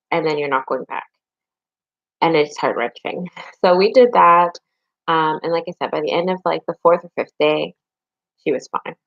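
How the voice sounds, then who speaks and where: A young adult woman, a vlogger and parent, gives frank, chatty advice directly to her viewers in a casual talk to camera. Her voice is lowish with vocal fry, and the audio is dull with no echo.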